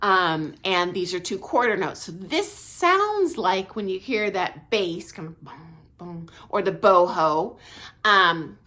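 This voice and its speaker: A middle-aged woman, a dance teacher, explaining music counts in a casual, friendly way, with a high, light voice and frequent laughs. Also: lively intonation, takes it slowly, bright, forceful tone. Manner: counts beats aloud, self-deprecating, laughs often. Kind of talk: casual instructional talk. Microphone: camera mic, filming herself.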